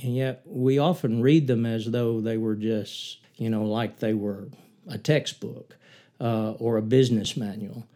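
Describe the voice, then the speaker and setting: An older man with a warm, mellow voice, sharing memories of his ministry. He retells scripture as a lively story and builds up force at the dramatic turns. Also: unhurried. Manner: earnest, rising in pitch and force as he retells the story. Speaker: former missionary preacher. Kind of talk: reflective talk and Bible storytelling.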